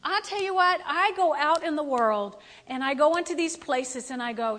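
High, bright-voiced woman pastor preaching. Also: normal speed, few pauses, in a large hall. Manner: animated, playful, talks directly to the congregation. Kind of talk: sermon.

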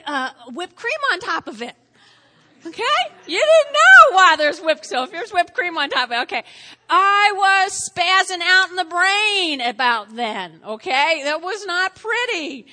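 A woman teaching a lively Bible lesson to a live group, acting out scenes and chatting with her listeners in a church meeting room. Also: very high-pitched. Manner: animated, acts out scenes, chatty asides to listeners. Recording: reverberant hall.

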